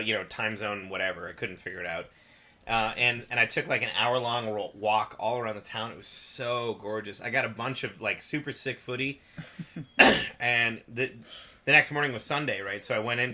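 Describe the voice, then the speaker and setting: A man in a band's livestream podcast, telling road stories in casual chat, acting out quotes and laughing often. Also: medium pitch. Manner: animated storyteller, acts out quotes, laughs often. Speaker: band member on a podcast.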